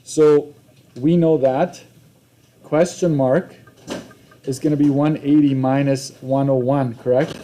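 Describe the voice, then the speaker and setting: A young male math teacher walking a classroom through problems, his voice mellow and dark in tone. He talks conversationally, repeats himself and keeps checking in with his students. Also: medium pitch, steady tone, slow pace, pauses often, slight background noise. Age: young adult. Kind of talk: classroom lesson walkthrough.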